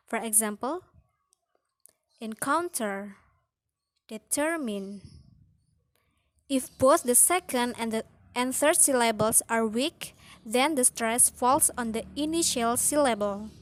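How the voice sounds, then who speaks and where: A woman works through a phonetics lesson on word stress. Her voice sits slightly high and she moves at an unhurried, careful pace. She lingers over each example word as she reads out the rules. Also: no room sound. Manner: slow, careful reading of rules with drawn-out example words.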